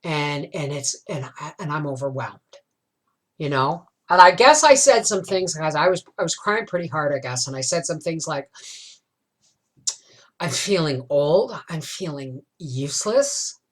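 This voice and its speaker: A woman's voice: low-pitched, expressive, normal speed. Rambling middle-aged woman telling a story. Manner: rambling, emotional, confiding; tag questions like "right?". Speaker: homestead vlogger. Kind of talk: casual storytelling chat.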